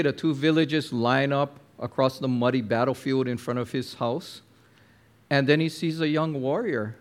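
A man preaching a sermon, telling a story with lively acted-out quotes and talking to the listener directly. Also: medium pitch. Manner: animated storyteller, acts out quotes, addresses listener as my friend.

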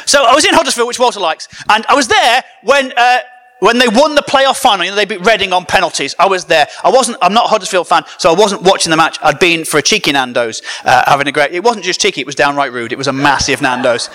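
A high-voiced man preaching with a comedian's timing, his pitch swinging widely as he jokes and banters with the crowd. His tone is bright and forceful, full of animated energy. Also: fast. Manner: animated, joking, banters with the audience. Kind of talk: comedic sermon to a live audience.

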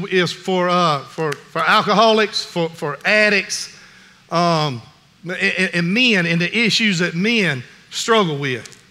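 A man's voice: high voice, bright, forceful tone. A man preaching a sermon in an earnest, folksy way, often restarting his sentences. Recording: long reverb in a large hall.

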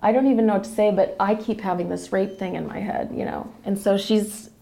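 A woman's voice: mid-range voice, fairly even intonation, a little fast, gravelly, mellow. A woman telling a personal family story in a casual, emotional, rambling way with many restarts. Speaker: guest sharing a family story.

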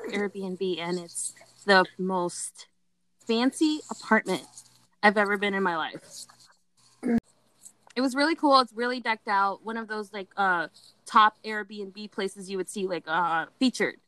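A woman's voice: medium pitch, animated, unhurried, sharp tone, no echo, low-quality recording. A young woman telling a candid story in casual chat, dramatic and laughing often. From Latin American heritage.

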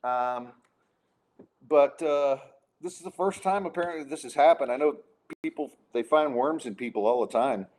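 A man's voice: mid-range voice, normal speed, a little mellow. A man hosting a casual podcast, ranting in an exasperated way with frequent restarts. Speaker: podcast host. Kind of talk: casual chat and rant.

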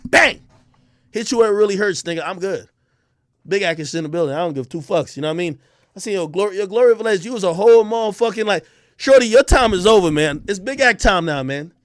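A man ranting to camera as an online personality, loud and boastful with profane trash talk. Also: high-pitched, animated, quick pace, no echo, studio quality.

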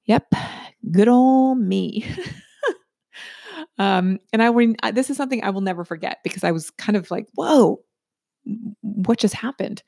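A middle-aged woman tells a personal story in a loose, chatty manner, repeatedly tossing in "right?" and pausing often. Her mid-range, slightly mellow voice has a gravelly, fry-laden edge, and she speaks at normal speed. The recording is dry and close, with no room sound.

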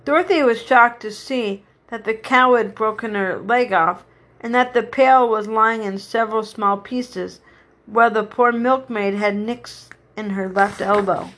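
A woman's voice: a little high, unhurried, fairly bright tone. Woman reading a children's story aloud. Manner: unpolished, with restarts. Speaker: reader.

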